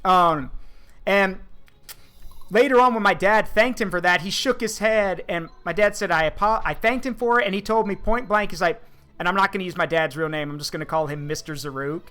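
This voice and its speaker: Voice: medium pitch, a little fast, fairly bright tone, faint music behind. A streamer host in casual chat, telling a long story with lots of fillers and restarts. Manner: rambling, filler-heavy storytelling.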